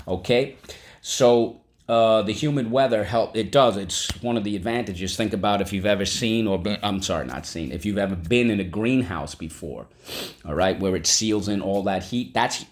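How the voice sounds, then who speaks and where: A man teaching a vocabulary lesson, spelling words out and checking in often with the class. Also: lowish voice. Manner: animated, spells words aloud and checks in with "okay? right?".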